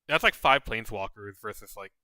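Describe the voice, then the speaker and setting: Co-host, young male, bright crisp voice, close dry mic. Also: lowish voice, expressive, fairly quick, dry recording. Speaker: podcast co-host. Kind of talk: casual gaming chat.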